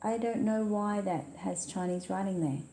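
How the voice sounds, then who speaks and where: A chatty Australian woman hosts a casual livestream from her computer, reading viewer comments aloud as she goes. Her voice sits at an ordinary middle pitch, and the room gives it a noticeable echo. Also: moderate pace, mellow, slight background noise. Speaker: livestream host.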